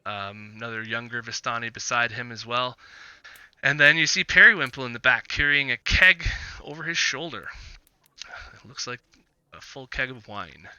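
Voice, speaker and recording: A man narrating as game master for a tabletop game on stream, halting and filling pauses often. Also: medium pitch, sharp tone, clear, resonant tone, no echo, muffled recording. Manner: halting, many fillers.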